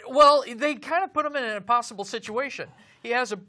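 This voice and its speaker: A man co-hosting a film review show, chatting casually and joking, often pausing with fillers. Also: very high voice, bright, forceful tone.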